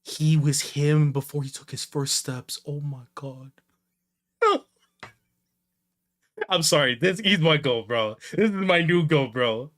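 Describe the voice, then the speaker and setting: A young man reacting to a manga chapter, excitable and slangy, jumping between loud outbursts and low mutters. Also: slow pace, pauses often. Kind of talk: animated reaction commentary.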